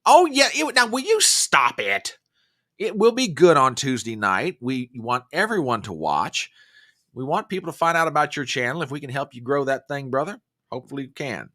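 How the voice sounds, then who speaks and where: A man's voice: mid-range voice, sing-song, a little fast, a bit bright. A man hosting a casual live stream, chatting and joking and greeting viewers by name. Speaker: livestream host.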